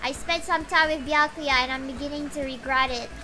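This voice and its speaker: High-voiced, excitable woman streamer. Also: fairly quick. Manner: excitable, chatty, talks to chat. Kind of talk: casual game livestream chat. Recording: loud game music behind.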